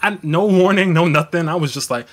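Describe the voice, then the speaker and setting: A man's voice: a little high, fairly quick. Blunt, slangy young man talking astrology live. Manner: blunt, slangy, profane, animated with mocking quoted voices. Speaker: astrology livestream host. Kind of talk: casual livestream talk.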